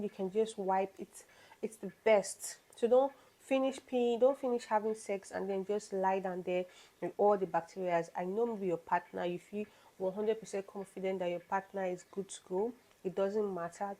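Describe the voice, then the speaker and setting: A young woman talks straight to her viewers in a casual vlog, blunt and insistent. She scolds like a protective big sister and hammers each point home by saying it again. Her pitch sits in a middle range. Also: warm tone, low-quality recording. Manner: repeats points for emphasis. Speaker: beauty and hygiene vlogger. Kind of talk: casual advice chat to camera.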